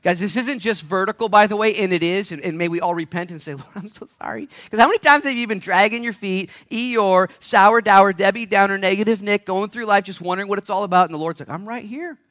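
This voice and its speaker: A man preaching a sermon to a church congregation, impassioned, firing off rhetorical questions and swinging from hushed tones to shouts. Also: high-pitched. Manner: rapid-fire rhetorical questions. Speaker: pastor. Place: church service.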